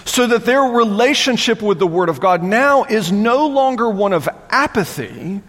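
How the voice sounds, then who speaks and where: A man preaching a sermon, animated, voicing the mockers in rising tones. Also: sits high. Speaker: pastor. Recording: long hall reverb.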